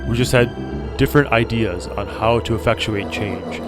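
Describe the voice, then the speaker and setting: A man voicing a weary, defensive middle-aged man in a video game, speaking low, slow and pained. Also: soft background music, lightly acted.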